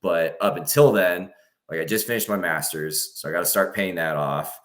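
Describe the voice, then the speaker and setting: Young guy with a real low voice but crisp bright tone, chatty guest, lots of "like"s. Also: moderate pace. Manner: rambling, filler-heavy, acts out inner voices. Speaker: podcast guest. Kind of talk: casual chat.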